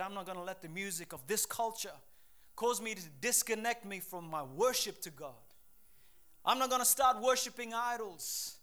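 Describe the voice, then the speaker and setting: Young man, preacher, sermon, high voice, emphatic, conversational. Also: bright, forceful tone, smooth.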